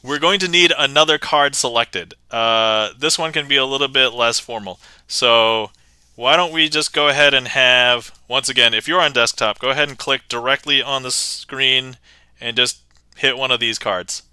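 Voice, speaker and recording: A man's voice: medium pitch, normal speed, sharp tone, smooth, dry recording. A man performing card magic on a livestream, chatting playfully with viewers, laughing often and thanking them by name. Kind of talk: casual livestream patter.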